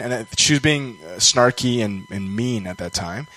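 A man's voice: medium pitch, fairly quick, few pauses, a bit bright, rough recording. A Canadian man telling a personal story during a sermon, rambling and self-deprecating, sometimes acting out the voices of people he quotes.

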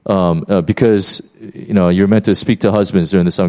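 A man preaching a sermon, retelling a Bible story in a lively, conversational way with many fillers and restarts. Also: low voice, a little fast. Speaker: pastor.

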